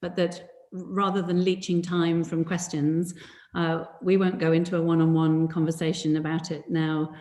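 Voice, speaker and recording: A woman hosting a talk event, speaking in a measured, formal way. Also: lowish voice, little pitch movement, mellow. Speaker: host. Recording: roomy echo.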